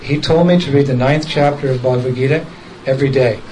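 A man recounts an old memory in an easy conversational voice at an ordinary middle pitch. He often laughs softly and slips into the words of the people he describes. A faint bed of noise sits under the recording. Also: fast, low-quality recording. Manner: chuckles often while telling, quotes others directly. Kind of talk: casual storytelling talk.

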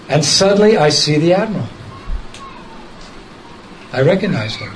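A man's voice: on the high side, very animated, normal speed, pauses often, rough recording. A man casually telling a story from his past, often chuckling and quoting the people in it directly. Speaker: devotee recounting a memory.

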